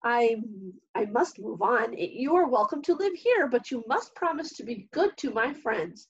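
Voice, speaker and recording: A woman voicing a friendly male hermit crab in a storybook, speaking softly, slowly and kindly. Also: a little high, big pitch swings, slightly rough, lo-fi sound, exaggerated voice. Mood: tender.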